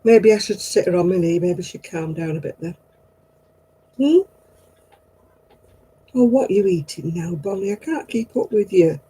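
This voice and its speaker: A woman's voice: on the low side, moderate pace, long pauses, warm tone, husky, poor audio. A woman hosting a casual live video chat, talking about knitting while coaxing and scolding a restless dog. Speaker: host of a live stream. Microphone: computer or phone on a video call.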